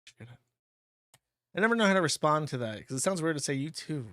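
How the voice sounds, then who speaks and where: A man's voice: a little high, very animated, very fast, fairly bright tone, dry recording, studio quality. A man hosting a livestream, reading out donations and answering them in a blunt, crude, offhand way. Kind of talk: casual streaming commentary.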